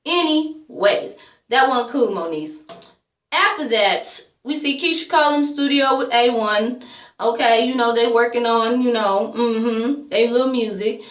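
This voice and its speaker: A YouTube vlogger casually recaps a reality show, blunt and sassy, swearing freely and calling people "girl." Her voice is fairly high and fairly bright, at a measured pace, with a roomy sound.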